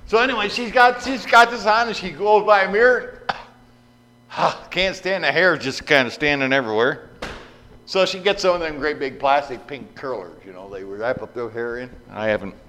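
A man preaching a storytelling sermon into a microphone, animated and acting out the voices in his stories. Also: a little high, moderate pace. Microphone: microphone at a lectern. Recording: reverberant hall with faint hum.

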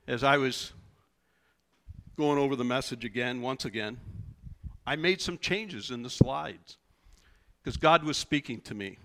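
A man's voice: medium pitch, a bit bright. A male pastor giving a sermon in a church, speaking conversationally and animatedly with many rhetorical questions.

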